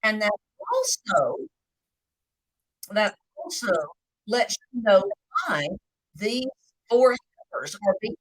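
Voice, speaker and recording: A woman giving a live video Bible teaching, speaking slowly and deliberately, with the occasional hiccup. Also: medium pitch, no echo, poor audio. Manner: slow, deliberate, lively intonation.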